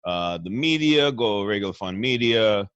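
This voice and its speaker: A man's voice: fairly low pitch, lively intonation, normal speed, fairly bright tone, clean tone, no echo. A man guest-hosting a show with a crude, rambling and boastful comic monologue from a hotel room. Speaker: stand-in host.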